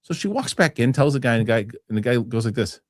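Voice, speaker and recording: A man's voice: mid-range voice, big pitch swings, fast, no echo, clean studio sound. A man hosting a casual podcast, telling a story with many restarts and some swearing. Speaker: show host.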